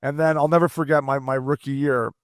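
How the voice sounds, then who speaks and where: Man, hockey podcast co-host, mid-pitched voice, dry close mic, swears a lot, acts out quotes. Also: a little fast, no room sound. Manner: profane, animated storytelling with voiced quotes. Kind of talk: casual chat.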